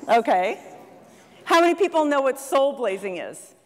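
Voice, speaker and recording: A middle-aged woman life coach giving a lively motivational talk to an audience, telling stories and asking the crowd questions. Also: sits high, moderate pace. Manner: storytelling, animated, asks the audience questions. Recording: long hall reverb from a stage.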